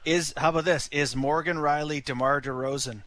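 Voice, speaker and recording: A man's voice: a little high, steady tone, fairly quick, fairly bright tone. A man with a Canadian accent co-hosting a sports radio show, musing aloud and posing rhetorical questions. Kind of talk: casual sports talk.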